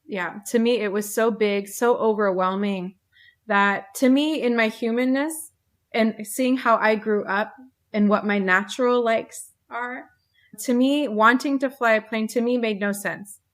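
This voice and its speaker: A woman airline pilot speaks earnestly in a faith-filled interview, repeating phrases for emphasis. Her voice is on the high side and her pace a little slow.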